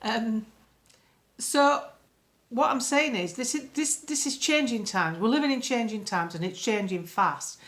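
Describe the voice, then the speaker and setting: A woman's voice: on the high side, a little slow, a bit bright. A woman talking casually to camera as a political commentator. She is blunt and sarcastic, and often sounds annoyed. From United Kingdom.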